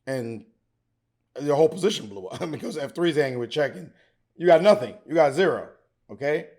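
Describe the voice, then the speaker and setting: A middle-aged man teaching chess, excitable and theatrical, talking straight to the viewer. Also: fairly high pitch, a little fast. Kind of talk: animated chess commentary.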